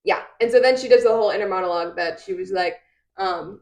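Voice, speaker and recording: A woman's voice: fairly low pitch, fairly even intonation, fast. A woman co-hosting a casual book podcast, summarizing chapters in a loose, swearing, storytelling way. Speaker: podcast co-host. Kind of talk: casual book-club chat.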